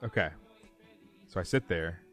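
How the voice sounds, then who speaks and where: A man's voice: low voice, a little slow, faint music behind. A man co-hosting a podcast, telling a story in a casual chat and acting out the quoted lines. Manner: animated storytelling, acts out quoted dialogue. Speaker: podcast co-host.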